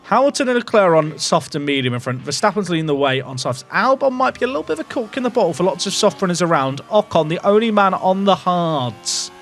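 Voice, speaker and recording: A man giving excitable, jokey commentary while playing a racing management game, swinging between hype and quiet muttering. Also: high voice, fast talker, hardly any pauses, faint music behind. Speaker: gaming YouTuber.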